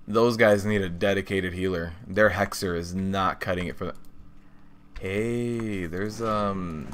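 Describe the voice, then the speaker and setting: A young man streams a game, chatting casually and reacting aloud as he plays. His lowish voice has a bright, forceful edge at a desk mic. Keyboard typing sits faintly underneath. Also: slight background noise. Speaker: gaming streamer. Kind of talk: casual live-stream commentary.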